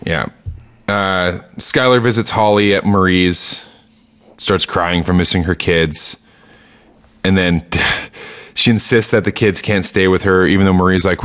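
A man's voice: deep voice, fairly even intonation, unhurried, fairly bright tone. A man casually recapping a TV episode on a podcast, rambling with lots of fillers and acting out quoted lines. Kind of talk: casual chat.

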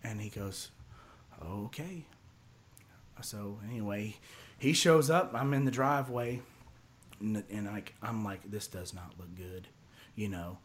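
A man's voice: on the low side, a little slow. A man telling a long personal story as a podcast guest, rambling, repeating words and acting out other people's lines. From Houston area, Texas. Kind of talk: casual storytelling.

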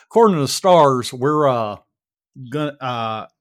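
A folksy Texan muscleman drawls and stumbles through his words, as a man puts him on during a tabletop game. His delivery is slow and friendly, full of "uh"s, and sits at an ordinary pitch for a man. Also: lively intonation, lightly acted. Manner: drawling, hesitant, full of filler. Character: brawny folksy Texan male mage.

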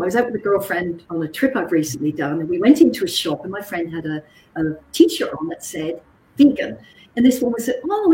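Woman psychologist teaching, lively storyteller, mellow voice, roomy echo and a little hiss. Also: on the low side. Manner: lively, animated storyteller who checks in with "okay?". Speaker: psychologist and communications trainer. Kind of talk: teaching talk with anecdotes.

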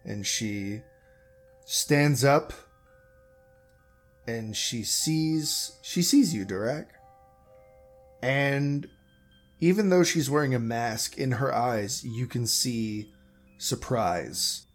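A man narrating a tabletop game as game master, slow and descriptive with casual slang. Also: mid-range voice, animated, soft background music.

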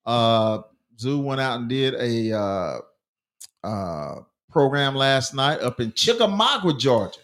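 A man's voice: medium pitch, very animated, slow, a bit bright. A man co-hosting a casual sports podcast, laid-back and rambling, with many fillers. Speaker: podcast co-host.

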